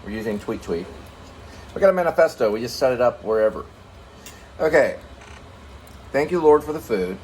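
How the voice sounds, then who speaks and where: A man's voice: mid-range voice, expressive, moderate pace, long pauses, a little mellow. Co-host, man, casual and meandering, forgets names mid-thought, faint room noise. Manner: rambling, searches for names, hums and chews. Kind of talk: casual home chat over a meal.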